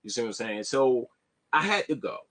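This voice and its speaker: A man talking, animated, often restarting and asking "you see what I'm saying". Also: mid-range voice, a little fast. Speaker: vlogger. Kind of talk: casual live-stream monologue.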